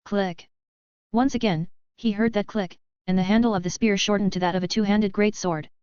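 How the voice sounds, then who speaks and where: A woman's voice: mid-range voice, fairly even intonation, a little fast, darkish tone, smooth, no echo, muffled recording. A woman giving a scripted novel narration, reading evenly and steadily. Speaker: audiobook narrator.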